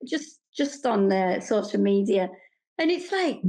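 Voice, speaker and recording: A woman's voice: mid-range voice, big pitch swings, a little slow, darkish tone. A woman hosting a podcast, chatting enthusiastically and ending many lines with tag questions. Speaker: podcast host. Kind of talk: casual chat.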